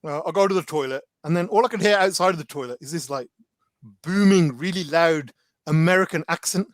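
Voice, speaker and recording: A man's voice: a little high, brisk, dry recording. A man, a guest in a casual chat, telling stories animatedly with lots of slang and filler words. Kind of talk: casual storytelling.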